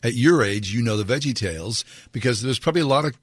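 Man radio host, husky voice, dry studio sound, easygoing chat. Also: medium pitch, lively intonation, fast talker, dry recording. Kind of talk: casual chat.

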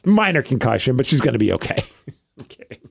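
A man's mid-range voice, fairly quick, creaky and slightly rough, comes through with no echo. He's in his thirties and co-hosting a podcast, where he chats casually, tells stories animatedly and laughs frequently.

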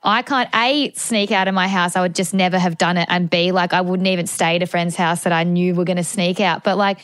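A woman's voice: fairly low pitch, fairly even intonation, brisk, fairly bright tone, dry recording. An Australian woman in her thirties hosting a casual chat, chatty and full of asides. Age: 30s. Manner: chatty, many fillers and asides. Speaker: podcast host.

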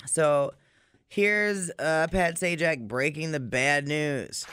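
A man's voice: on the high side, slow, heavy background noise. A man co-hosting a casual chat, laid-back and making dry wisecracks in casual slang. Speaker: podcast co-host.

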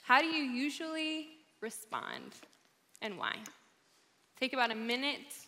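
A woman's voice: high voice, a little slow, bright, forceful tone, a little hiss or hum. A woman giving an upbeat, encouraging talk to a live audience in a large room, chatting casually as she speaks. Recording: hall reverb.

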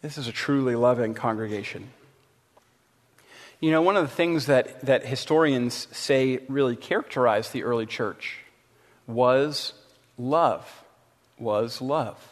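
A man's voice: mid-range voice, unhurried, long pauses. Earnest man preaching in a reverberant hall. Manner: earnest, storytelling, repeats phrases for emphasis. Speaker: pastor. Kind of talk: sermon. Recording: hall reverb with faint room ambience.

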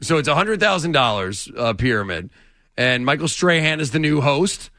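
A man co-hosting a casual radio sports chat with animated, laughing banter. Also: on the high side, moderate pace, no room sound, studio quality. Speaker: co-host.

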